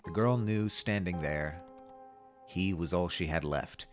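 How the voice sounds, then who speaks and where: A man streaming, reading a game's story aloud with measured, wry asides. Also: low voice, soft background music. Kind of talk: reading a game aloud with commentary.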